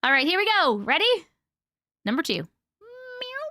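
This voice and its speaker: A woman's voice: high voice, big pitch swings, a little fast, sharp tone, no room sound. A woman hosting a casual live chat with viewers, playful, often laughing and coughing between remarks. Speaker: livestream host.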